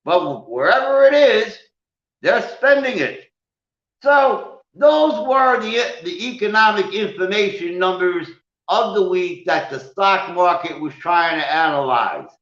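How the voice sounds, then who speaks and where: A man's voice: high-pitched, fairly bright tone. A man hosting a televised finance lesson, speaking emphatically and addressing his audience directly. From United States. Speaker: finance show host and teacher. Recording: roomy, dull lo-fi sound.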